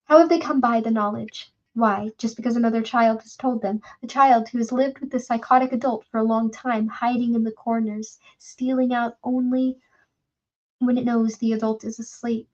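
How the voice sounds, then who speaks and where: A woman's voice: a little high, fairly even intonation, moderate pace. Woman narrating an audiobook, lo-fi. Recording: dull lo-fi recording.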